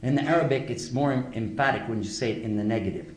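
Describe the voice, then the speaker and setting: In an echoey lecture hall, a man with a mid-range voice speaks at a quick pace. He is giving a religious lecture to a live audience, delivering it emphatically and filling it with rhetorical questions.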